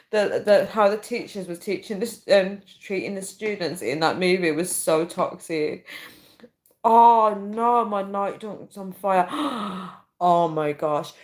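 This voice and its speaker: Chatty laughing woman livestreamer. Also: fairly low pitch. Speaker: livestream host. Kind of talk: casual livestream chat reading comments.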